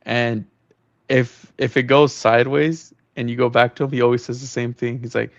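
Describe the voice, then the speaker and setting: A man's voice: medium pitch, flat delivery, moderate pace, vocal fry, no room sound, highs cut off. A man, a car salesman, talking casually and laid-back with his trainer over a video call. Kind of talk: casual chat.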